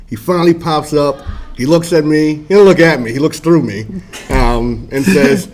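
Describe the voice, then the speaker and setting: A man's voice: medium pitch, normal speed. A young man who is a podcast guest, bantering in casual chat and laughing along. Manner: relaxed banter, laughing and chiming in.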